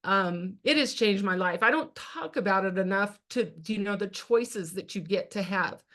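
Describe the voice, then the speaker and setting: A woman's voice: mid-range voice, moderate pace, fairly bright tone. Earnest middle-aged woman telling her story. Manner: earnest and plain-spoken, addresses listeners as "you guys". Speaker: direct sales team leader sharing her story. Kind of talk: personal testimony on a team call. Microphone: video call.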